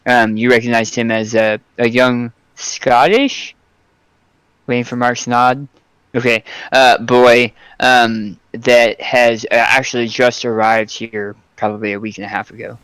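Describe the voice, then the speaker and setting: A man narrating as game master in a tabletop game, halting and filling pauses with ums. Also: mid-range voice, flat delivery, fairly bright tone, clear, resonant tone, no echo. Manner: hesitant, lots of ums and restarts.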